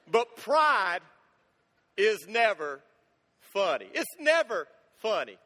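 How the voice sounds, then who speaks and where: A man's voice: high voice, very animated, takes it slowly, pauses often, bright, forceful tone. A male pastor preaching a sermon. He tells folksy stories and repeats key lines for emphasis. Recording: long church reverb.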